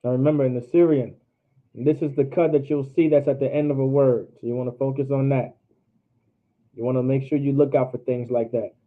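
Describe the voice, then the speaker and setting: A man's voice: medium pitch, steady tone, fairly quick. A man teaching an online alphabet class in a casual way, repeating and drilling each letter sound aloud. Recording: tinny phone-like line.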